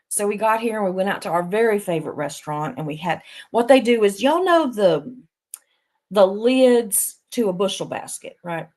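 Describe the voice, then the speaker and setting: A woman with a Southern accent rambling casually on a live stream, a little nasal from allergies, laughing often. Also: fairly low pitch. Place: bedroom of a vacation stay.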